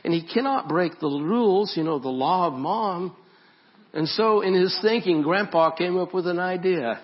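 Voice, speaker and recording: A man preaching a sermon and leading prayer as a pastor, earnest and repeating his phrases, dropping to a hush when he prays. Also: high voice, normal speed, dull audio. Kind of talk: sermon and altar-call prayer. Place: church sanctuary.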